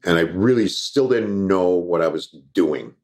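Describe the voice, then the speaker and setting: Middle-aged Canadian man, low-pitched, casual storyteller who acts out dialogue; interview guest. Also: measured pace. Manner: animated storyteller acting out quoted dialogue. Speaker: guest, former TV reporter and comedian.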